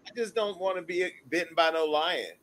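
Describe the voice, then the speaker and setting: A man's voice: sits high, a little fast, a bit bright. A man hosting a live call-in show, brash and joking, talking to callers bluntly. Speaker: host.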